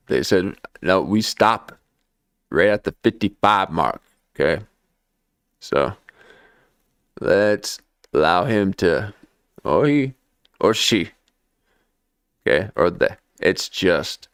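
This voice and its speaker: A man ambles through a casual livestream monologue, slow and unhurried. His low voice is gravelly with fry, yet it leaps around in pitch with playful sing-song turns. The mic is dry and close. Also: dry recording. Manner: keeps asking "okay?", playful, sing-song jumps; laughs often. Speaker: livestream host. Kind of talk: casual rambling livestream talk.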